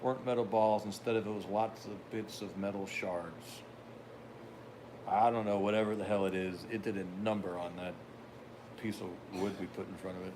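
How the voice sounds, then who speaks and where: Low-voiced older man spinning a rambling yarn. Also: fairly even intonation, moderate pace, noisy background. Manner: rambling anecdotal delivery with wry asides. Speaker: podcast host. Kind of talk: casual storytelling.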